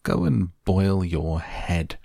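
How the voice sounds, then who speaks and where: A man doing a brisk eccentric sweet-maker. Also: deep voice, animated, creaky, warm tone, no echo, clean studio sound, heavily acted. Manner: brisk, impatient, theatrical. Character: eccentric excitable male candy-factory owner.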